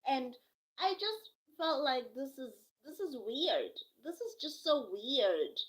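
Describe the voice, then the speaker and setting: A young woman telling a personal story on a live stream from home, animated and acting out what others said. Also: fairly high pitch, a little slow, poor audio. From South Africa. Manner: animated, acts out quoted voices. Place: home, quiet with a sleeping baby.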